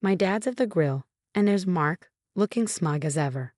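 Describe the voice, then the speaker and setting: A woman narrating a first-person story in an even, measured way. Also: lowish voice, dry recording, clean studio sound.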